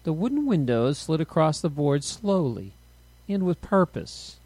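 Expressive male audiobook narrator. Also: on the high side, unhurried, breathy edge, no room sound. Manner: expressive storytelling reading.

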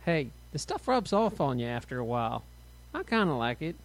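A man's voice: medium pitch, very animated, brisk. A man doing whiny teen girl Catherine. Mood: teasing. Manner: whiny and mocking. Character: teasing teenage twin girl Catherine, complaining.

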